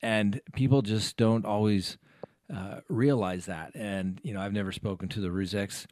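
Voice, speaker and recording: A man hosts an interview in a casual, conversational way, often repeating words as he gathers his thoughts. His voice sits fairly low, and the sound is dry and close. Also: steady tone, normal speed, darkish tone, no room sound. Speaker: host, trial attorney.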